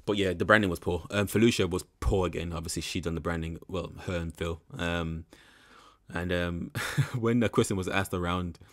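A man's voice: deep voice, steady tone, normal speed, fairly bright tone. A young man giving rambling, frank commentary in a casual reaction video. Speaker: reaction channel host.

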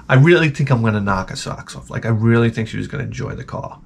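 A man telling rambling comedic stories in a profane, animated way, often slipping into mocking voices. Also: mid-range voice, quick pace, vocal fry, slightly rough. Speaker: retro gaming vlogger.

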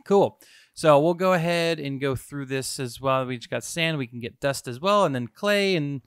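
A young man giving excitable, self-mocking let's-play commentary to his viewers as a gaming YouTuber. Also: a little high, normal speed, smooth, no room sound, clean studio sound.

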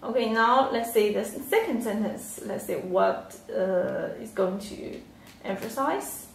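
Slow, patient woman teaching Chinese. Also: medium pitch, lively intonation, vocal fry, recorded from a distance, slight background noise. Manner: patient, repeats words, many fillers. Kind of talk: slow online language lesson. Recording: echoey room, off-mic.

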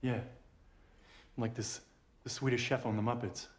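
A man's voice: mid-range voice, flat delivery, normal speed, lightly acted. An actor playing a smug officer making mocking remarks while he watches an interrogation. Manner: mocking, chuckling. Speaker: police officer.

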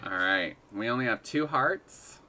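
A man giving excitable live gameplay commentary, gasping and laughing as he reacts to the game. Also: mid-range voice, measured pace, a little hiss or hum. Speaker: game streamer.

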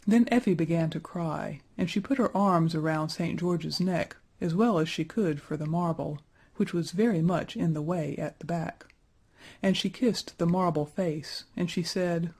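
A man narrates a fairy tale aloud, steady and even in his reading. His voice sits warm and mellow with a husky grain. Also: high voice, moderate pace. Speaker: storyteller. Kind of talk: storybook narration.

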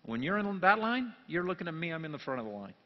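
A pastor delivers a jokey, very animated sermon at a quick pace in a slightly high voice, swinging from quiet asides to loud, emphatic bursts. He's in a church sanctuary, and the dull lo-fi recording carries a long church reverb.

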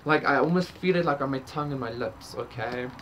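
A woman's voice: a bass voice, brisk, fairly bright tone, slight background noise. A woman doing a casual tarot reading, rambling with many fillers and casual swearing. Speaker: tarot reader. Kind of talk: casual spiritual reading to camera.

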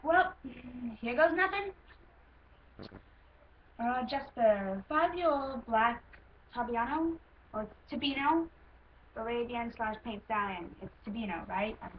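Brief: American woman introducing an audition, nervous and chatty; dull lo-fi recording, light hiss. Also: fairly high pitch. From United States. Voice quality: self-conscious, rambling, with frequent ums. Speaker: voice actor auditioning. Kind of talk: casual casting-call audition. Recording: lo-fi with faint hiss.

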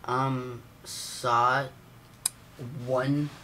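A man's voice: mid-range voice, flat delivery, drawn-out words, bright, forceful tone, a little hiss or hum. A young man doing casual gameplay commentary, swearing and blowing up at a frustrating game. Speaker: gaming YouTuber.

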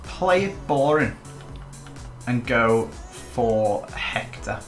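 A man's voice: medium pitch, expressive, drawn-out words, faint music behind. Teasing man commentating a game. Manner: teasing, joking banter. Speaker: guest YouTuber. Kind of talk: casual gaming commentary.

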